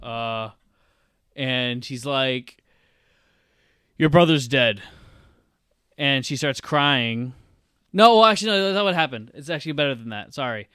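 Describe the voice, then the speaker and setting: Guy on a film podcast, smooth clear voice, dry close mic, swearing a lot while he breaks down a scene. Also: medium pitch, moderate pace, no echo. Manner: excitable, profane play-by-play retelling. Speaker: podcast co-host. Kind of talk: casual film podcast chat.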